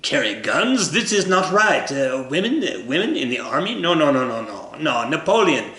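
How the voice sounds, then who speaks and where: A man's voice: on the high side, sing-song, normal speed, bright, forceful tone. A man putting on a huffy French officer. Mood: scandalized. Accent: put-on French. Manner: scandalized, mock-pompous. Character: indignant 19th-century French officer, man. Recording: roomy echo.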